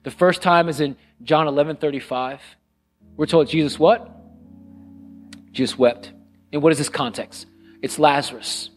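A middle-aged man preaching a sermon as pastor, earnest and conversational, repeating phrases and dropping to a hush on solemn lines. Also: a little high, fairly even intonation, moderate pace, long pauses, soft background music. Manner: drops to a hushed voice on solemn lines.

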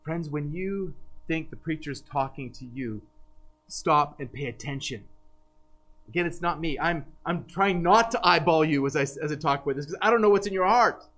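Earnest pastor preaching with rising emphasis. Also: male voice, a little high, expressive, moderate pace, fairly bright tone, poor audio. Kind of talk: sermon.

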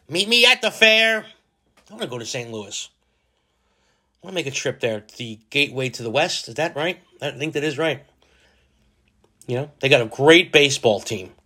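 A man's voice: medium pitch, a bit bright. Middle-aged man, solo podcast host, rambling jokey chat, a bit sick with a cold. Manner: rambling, self-deprecating, jokey asides. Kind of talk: casual solo podcast monologue.

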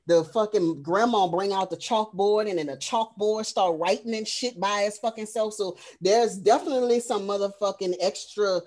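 A woman co-hosting a movie review podcast, casually retelling a film plot in a profane, animated way, full of "um" and "like.". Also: medium pitch, moderate pace, few pauses. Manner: frequent fillers like "um" and "like". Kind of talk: casual chat.

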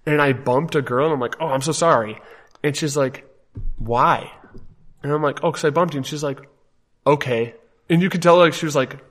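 Animated man telling a story. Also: mid-range voice. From Wisconsin, US. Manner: animated storytelling, acting out quotes. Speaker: podcast co-host. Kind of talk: casual chat.

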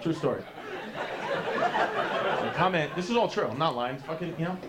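A man's voice: a little high, big pitch swings, normal speed, over a noisy crowd, very noisy. A man, doing profane, rambling stand-up storytelling on a club stage. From New York. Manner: brash, profane, rambling with fillers. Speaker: stand-up comedian. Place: comedy club stage with live audience.

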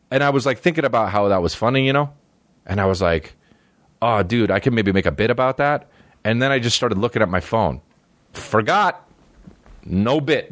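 A male comedian hosts his podcast in a recording studio, telling loose, profane, meandering stories full of fillers in a rambling, casual way. His voice is medium pitch, with no echo.

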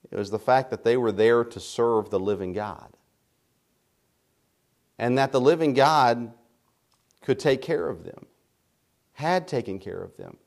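A man's voice: medium pitch, darkish tone. A man preaching a sermon as pastor, speaking emphatically and building his points through repetition.

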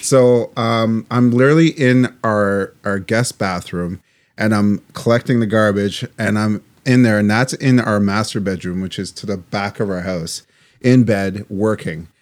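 A man co-hosting a podcast, telling a story in casual chat, animated and swearing freely. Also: on the low side, measured pace. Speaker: podcast co-host.

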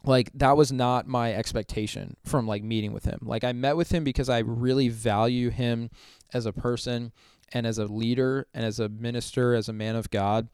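Man, young adult, chatty and animated, lots of "like", mid pitch, crisp voice. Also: normal speed, no room sound, studio quality. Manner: animated retelling, acting out quotes, many "like" fillers. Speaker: youth minister and podcast guest. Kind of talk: casual storytelling interview.

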